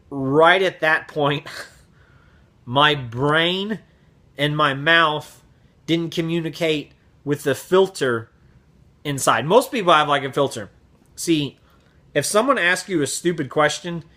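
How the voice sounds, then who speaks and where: A man vlogger telling a casual story in an animated, profane way, acting out the voices. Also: a little high, slow pace, long pauses.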